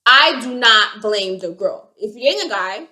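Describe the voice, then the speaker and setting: A young woman telling a storytime vlog, animated and acting out the other voices. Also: a little high, normal speed. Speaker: vlogger.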